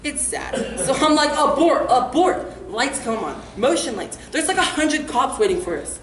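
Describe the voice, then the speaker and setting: A woman's voice: high-pitched, animated, normal speed, a bit bright. A young woman acting out a reckless, rambling teen troublemaker in a comic stage monologue, live in a theater. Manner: breezy, rambling, full of "like" and "right?". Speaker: student actor in a stage monologue. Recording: echoey theater hall, faint hiss.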